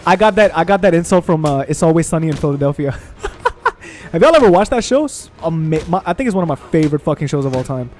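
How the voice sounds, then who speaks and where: A young man casually commentating his gameplay, excitable and profane, trash-talking enemies on screen. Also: on the high side, racing, hardly any pauses, over music. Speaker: gaming channel host.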